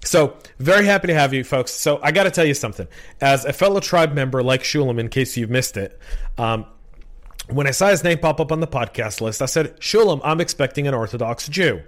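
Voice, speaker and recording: Male podcast host, chatty and rambling, mid-pitched. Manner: chatty, rambling, repeats words. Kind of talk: casual podcast interview.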